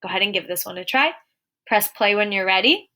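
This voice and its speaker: A young adult woman teaches a recorded lesson to young children, clear and encouraging, and slows down when reading example sentences aloud. Her mid-range voice is expressive, bright and forceful.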